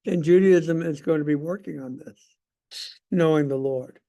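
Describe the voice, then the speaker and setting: At a moderate pace, a man with a warm, gravelly, fairly high voice, slightly raised, leads a Sunday school lesson. He speaks conversationally and with emphasis, often interrupting himself to put questions to the class.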